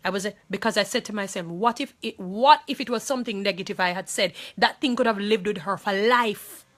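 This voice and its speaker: A distressed woman with a Jamaican accent delivers an impassioned monologue straight to her viewers. Her voice is bright and forceful, and she hammers her points home, repeating phrases and pleading. Her pitch stays in the middle for a woman. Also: fairly quick. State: distressed and angry.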